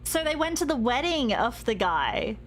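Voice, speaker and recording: A woman's voice: a little high, very animated, moderate pace, a little hiss or hum. A young woman streaming a game, chatting casually, reading in-game notes aloud and laughing easily.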